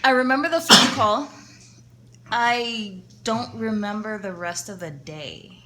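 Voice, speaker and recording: A woman's voice: mid-range voice, a little slow, bright, forceful tone, slight background noise. A woman co-hosting a podcast, recalling memories in casual, teasing chat. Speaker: podcast co-host.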